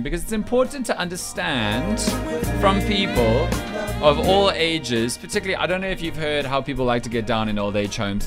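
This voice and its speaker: A man hosting a radio show, playful and quick to laugh. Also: a little high. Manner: playful, laughs often, lively. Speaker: radio host. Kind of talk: casual radio banter.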